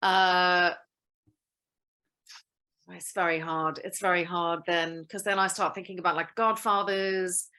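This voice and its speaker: A woman's voice: on the low side, measured pace, long pauses. Playful laughing woman on a video call. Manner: lively, laughing, playful storyteller. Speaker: guest actress. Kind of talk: casual interview chat.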